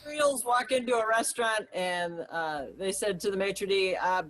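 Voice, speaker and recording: A woman improv performer telling quick improvised jokes in a playful way. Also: medium pitch, low-quality recording. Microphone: video call.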